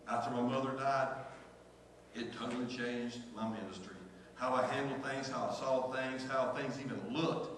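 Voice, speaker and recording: A man's voice: mid-range voice, a bit bright, a little hiss or hum. Middle-aged male pastor, emotional sermon, roomy hall reverb, distant mic. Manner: emotional, repeats phrases, calls out to the congregation. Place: church sanctuary. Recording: echoey church hall from far off.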